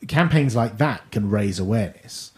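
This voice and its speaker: Low mellow-voiced man. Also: expressive. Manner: measured, thoughtful, slightly halting. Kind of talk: casual tech discussion.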